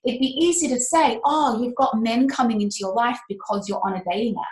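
A woman's voice: on the high side, animated, a little fast, darkish tone. Impassioned woman in an echoey room. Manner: impassioned, emphatic, candid, swears now and then. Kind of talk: casual podcast chat about business and mindset.

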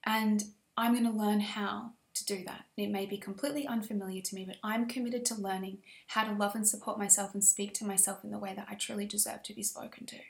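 A woman's voice: medium pitch, little pitch movement, fast talker, vocal fry, hardly any pauses, reverberant. A woman coach giving a motivational course lesson in a passionate, emphatic, affirming way. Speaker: women's empowerment coach.

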